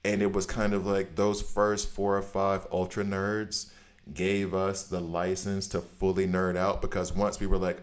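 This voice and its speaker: A man streaming a game, chatting casually and telling rambling, animated stories. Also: low voice, moderate pace. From United States. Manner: animated storyteller, rambling tangents. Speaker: gaming streamer. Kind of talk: casual chat while gaming. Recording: echoey room.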